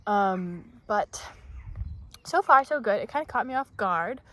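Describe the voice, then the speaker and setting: A woman's voice: medium pitch, animated, measured pace, a bit bright. A young woman chatting casually on a book vlog, a little out of breath, rambling and joking at herself while outdoors in grassy countryside. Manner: rambling, chatty, self-deprecating. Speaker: book vlogger. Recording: outdoor phone recording with noise.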